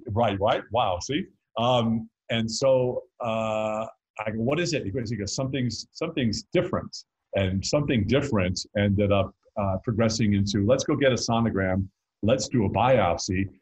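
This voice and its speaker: Middle-aged male guest, low husky voice, chatty storyteller who jokes and restarts sentences. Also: moderate pace, darkish tone, poor audio. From North Carolina. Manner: rambling, self-interrupting, joking. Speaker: guest musician and author. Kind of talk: casual interview storytelling.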